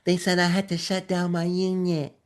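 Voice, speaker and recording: Whiny, panicked student complaining to a mentor, put on by a man, slightly raised and hushed. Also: high-pitched, completely flat delivery, moderate pace, lightly acted. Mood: whining. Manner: whiny, pleading, exaggerated.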